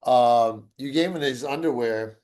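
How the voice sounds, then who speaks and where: A man's voice: medium pitch, unhurried, darkish tone. A man co-hosting a podcast in casual chat, teasing and joking with his friend. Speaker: podcast co-host.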